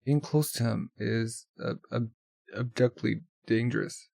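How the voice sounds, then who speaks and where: Man reading a determined young racer's inner monologue, gravelly voice, dry close sound. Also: mid-range voice, steady tone, unhurried, warm tone, dry recording.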